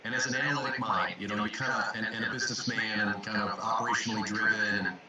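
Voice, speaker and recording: A man's voice: on the low side, steady tone, fast. A man who works as a coach, talking reflectively on a video call and repeating words as he searches for them. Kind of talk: casual video chat. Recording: echoey, distant from mic, loud background noise.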